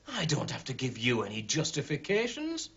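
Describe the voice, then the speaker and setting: An actor playing a curt, defensive architect who speaks in a clipped, dismissive way. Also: male voice, medium pitch, wildly swooping pitch, measured pace, gravelly, a bit bright, heavily acted. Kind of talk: TV drama acting. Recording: dull TV soundtrack.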